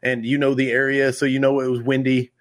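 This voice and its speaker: A man's voice: medium pitch, level tone, a little fast. A middle-aged man from Oklahoma hosting a fire service podcast, chatting casually and enthusiastically and reading a sponsor spot. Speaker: podcast host.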